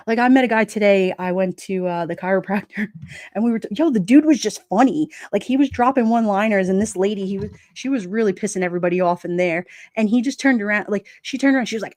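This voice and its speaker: A middle-aged woman with a New York accent chats casually with her livestream audience, blunt and streetwise, often bursting into laughter. Her mid-range voice is quick and a little dark, with no room sound. She's a livestream host doing casual live-chat talk.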